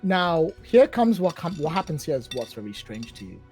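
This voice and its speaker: A man narrating a tabletop role-playing game as game master, casual and animated. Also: on the high side, moderate pace, faint music behind. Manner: animated, casual, rambling with fillers.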